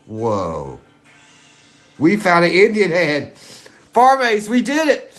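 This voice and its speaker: A man's voice: sits high, slow pace, faint music behind. Giddy man chatting on a live stream. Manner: excitable, giddy, chats to viewers. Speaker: livestream host hunting coins. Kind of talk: casual live-stream chat.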